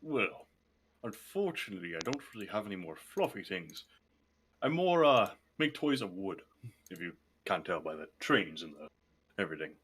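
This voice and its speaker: A man voicing a burly, white-bearded dwarf toymaker, gruff but kindly. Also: low-pitched, big pitch swings, normal speed, fairly bright tone, slight background noise. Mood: apologetic.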